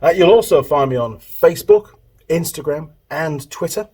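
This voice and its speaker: On the high side for a man, his voice is a little mellow with a breathy edge, lively intonation, and normal speed. The speaker, a middle-aged British mechanic and workshop YouTuber, gives a casual tour of his home workshop tools, rambling and correcting himself along the way.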